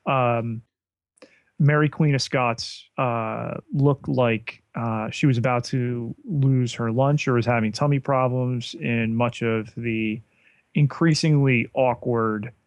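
Male co-host, medium pitch, deadpan sarcasm, close dry mic sound. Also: slow pace, no room sound, dull audio. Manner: dry and sarcastic, with frequent "uh" and "you know". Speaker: podcast co-host. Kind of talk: casual chat.

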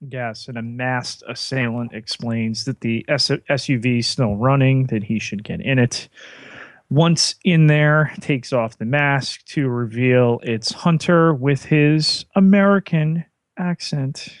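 A man co-hosting a podcast, walking through a TV episode scene by scene in relaxed, casual chat. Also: medium pitch, no room sound. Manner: unhurried, walks through scenes step by step. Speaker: podcast co-host.

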